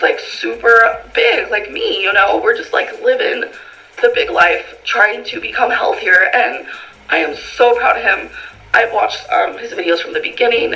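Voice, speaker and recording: A woman's voice: on the high side, creaky, sharp tone, dull audio. A woman answering viewer questions in a casual vlog, rambling with lots of fillers and reading the questions aloud. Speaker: vlogger.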